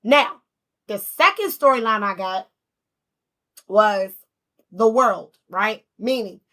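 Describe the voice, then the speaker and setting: A woman talks through a tarot spread in a casual, rambling way. Her voice is bright and forward. She laughs often and swears freely. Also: medium pitch, slow. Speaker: tarot reader.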